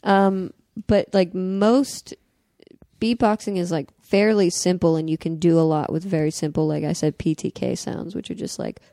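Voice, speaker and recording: A woman, a comedian and beatboxer, chatting casually on a podcast, fast and profane, with lots of fillers. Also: lowish voice, fairly even intonation, dark tone, dry recording, studio quality.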